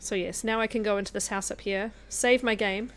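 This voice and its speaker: A woman's voice: mid-range voice, steady tone, a little fast, a little hiss or hum. A woman chatting casually as a guest streamer while she plays a survival game, laughing often. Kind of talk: casual gameplay commentary.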